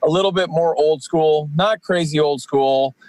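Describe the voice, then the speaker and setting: Rambling man with a bright high voice. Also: normal speed, no room sound. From Canadian East Coast. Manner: rambling, energetic, many fillers. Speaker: guest, professional wrestler. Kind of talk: casual podcast chat.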